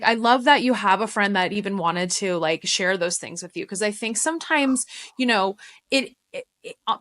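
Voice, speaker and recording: A woman's voice: medium pitch, a bit bright, dry recording. A woman with a mid-range voice hosts a podcast and chats freely with her guest. Her talk is casual and filler-heavy. The recording is dry, with no room sound. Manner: chatty, with frequent fillers. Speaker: podcast host.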